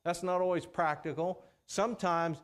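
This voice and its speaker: Conversational preacher, man, fairly high voice. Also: fairly even intonation. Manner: conversational, checks in with "okay?" and "all right?"; reads scripture slowly in King James wording. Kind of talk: sermon.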